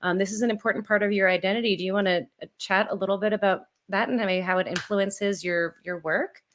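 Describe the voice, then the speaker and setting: A woman hosting a podcast in an upbeat, chatty way, often pausing with ums while searching for words. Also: medium pitch, fairly even intonation, a bit bright, slight background noise. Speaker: podcast host.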